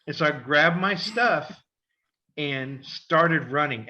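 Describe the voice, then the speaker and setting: A middle-aged man co-hosting a podcast, telling a long school story in an animated way and acting out the voices of the people in it. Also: fairly high pitch, a little slow, lo-fi sound. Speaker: podcast co-host, father. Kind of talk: casual storytelling.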